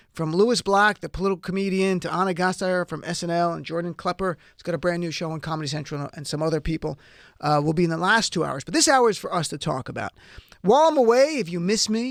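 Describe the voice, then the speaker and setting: An excitable male radio host with a high, gravelly voice. He runs through his show plan in an energetic studio monologue full of wry asides. The sound is dry and close to the mic. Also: no room sound. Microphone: studio microphone.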